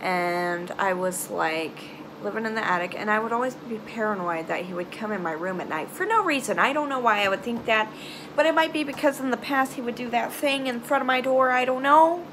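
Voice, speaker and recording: A young woman telling a personal story to camera in a halting, emotional way, trailing off into sighs and nervous laughs. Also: a little high, lively intonation, background noise. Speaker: vlogger. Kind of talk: confessional storytime vlog.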